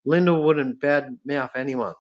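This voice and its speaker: A man with an Australian accent hosting a casual live stream, reading chat comments aloud and talking in a halting way with lots of fillers and restarts. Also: mid-range voice. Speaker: livestream host reading chat. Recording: lo-fi dull sound.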